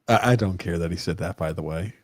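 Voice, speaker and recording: A man with a lowish voice co-hosts a casual sports podcast. He prods the others with dry, skeptical questions. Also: fast talker. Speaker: co-host.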